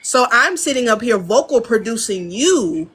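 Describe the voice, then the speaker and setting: A woman's voice: a little high, normal speed, breathy edge. An American woman, an audio engineer and producer, talking frankly in a casual interview, acting out studio exchanges and laughing often from her home studio. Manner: animated storyteller, acts out studio dialogue.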